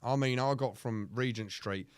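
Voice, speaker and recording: A man's voice: mid-range voice, moderate pace, smooth, no room sound. A man with an Essex accent co-hosting a podcast, telling a rowdy story with lots of swearing and laughter. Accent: Essex English. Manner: animated, swearing, laughing through his own story. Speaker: podcast co-host. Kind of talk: casual storytelling chat.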